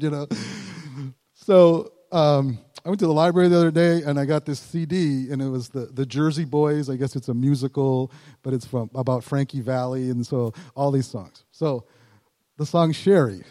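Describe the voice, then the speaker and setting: A man's voice: mid-range voice, moderate pace, warm tone. A man preaching a sermon in a conversational way, chuckling often and acting out quotes. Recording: hall reverb.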